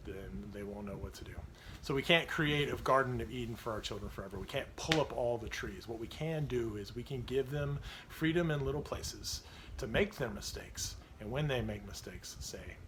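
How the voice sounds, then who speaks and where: A man in his thirties speaks as a pastor, warm and earnest, working through a confessional story about parenting. His voice sits in a middle register. A faint hiss runs beneath the recording. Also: mid-range voice. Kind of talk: devotional talk on parenting.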